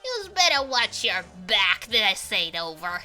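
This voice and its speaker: A woman voicing a brash male con man who fakes being a tough guy, with a put-on Brooklyn accent and loud blustering threats. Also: mid-range voice, big pitch swings, a little slow, soft background music, pitched below the performer's own voice, exaggerated voice. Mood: threatening.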